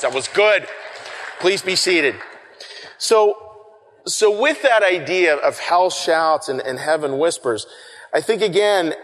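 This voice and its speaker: Male preacher, slightly high voice, conversational sermon with dramatic loud and hushed contrasts, long hall reverb. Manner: swings from shouting to hushed whispers for effect; repeats words and restarts, conversational.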